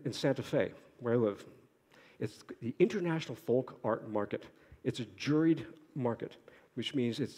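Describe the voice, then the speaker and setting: A middle-aged man from Boston giving an academic conference lecture, quick-talking with restarts and wry asides to himself. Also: medium pitch, warm tone. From Boston, United States. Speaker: conference speaker, archaeologist. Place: lecture hall. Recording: long hall reverb.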